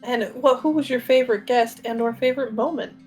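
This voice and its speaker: A woman's voice: fairly high pitch, a little fast, a little mellow, faint music behind. Woman narrating as game master. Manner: narrates scenes in second person, laughs often.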